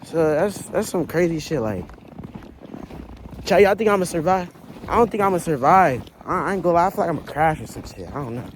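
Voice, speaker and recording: A young man vlogging on his phone through a snowstorm and in his car, talking straight to his viewers in a profane, excitable way. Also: on the high side, fairly quick. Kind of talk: casual vlog talk to viewers. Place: outdoors and in a car during a snowstorm. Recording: noisy storm and car sound.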